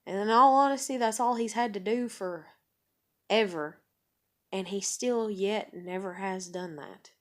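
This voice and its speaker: A woman's voice: medium pitch, a little slow, fairly bright tone. A woman talking frankly in a personal vlog, rambling and swearing freely. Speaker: vlogger.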